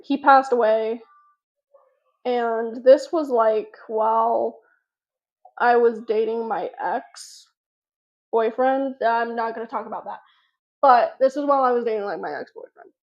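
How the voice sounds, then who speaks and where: A fairly high-voiced woman talks slowly through a personal story for her channel. She rambles, loops back and restarts her sentences. The recording is dull and lo-fi. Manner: rambling, filler-heavy, frequent restarts. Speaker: vlogger. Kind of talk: casual storytelling to camera.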